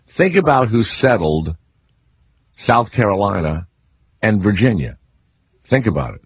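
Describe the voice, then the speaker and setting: A man's voice: fairly low pitch, big pitch swings, unhurried, slightly rough, no room sound. A man in his sixties with a New Orleans accent, hosting a casual radio talk show and telling rambling stories full of fillers and restarts. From New Orleans, Louisiana. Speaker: radio host.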